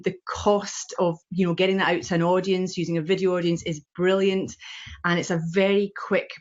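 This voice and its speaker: Enthusiastic Scottish woman on a web call. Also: on the low side. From Scotland. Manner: enthusiastic, emphatic. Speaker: guest on a live stream. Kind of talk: casual chat. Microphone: video call microphone. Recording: dull, lo-fi web call audio.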